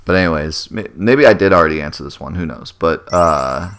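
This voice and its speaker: A man's voice: low-pitched, animated, brisk, fairly bright tone, clean tone. A young man hosting a let's play, chatting casually and rambling in a self-deprecating way as he plays. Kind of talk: casual gameplay commentary.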